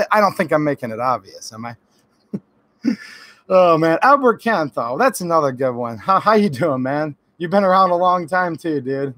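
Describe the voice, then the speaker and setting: A man from Michigan hosts a casual livestream. He talks in a fairly high voice and greets his viewers by name, friendly and opinionated. The sound is dry and close, with no room echo. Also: a bit bright. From Michigan, USA. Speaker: YouTube channel host. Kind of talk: casual livestream chat reading viewer comments.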